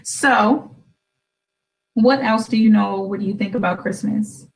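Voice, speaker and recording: On her radio show, a woman teases her little daughter with questions in a soft, playful chat. She speaks unhurriedly at a medium pitch, and the poor audio carries slight background noise.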